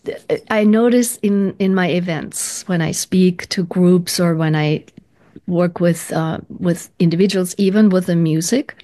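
A woman's voice: lowish voice, measured pace, warm tone. Earnest woman guest, reflective and searching, often restarts. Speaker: interview guest, practitioner. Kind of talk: reflective interview talk.

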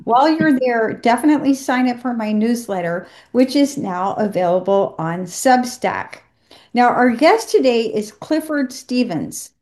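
A woman with a fairly high voice hosts a health radio show. She moves through a brisk, upbeat introduction and then asks her guest questions. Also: lively intonation, darkish tone. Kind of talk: scripted show intro and interview.

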